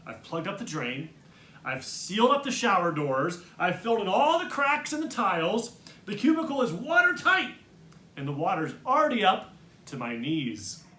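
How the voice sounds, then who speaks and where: Guy reading a kids story out loud, high bright voice, super animated, echoey room. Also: slight background noise. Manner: animated, expressive, comic first-person narration. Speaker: reader.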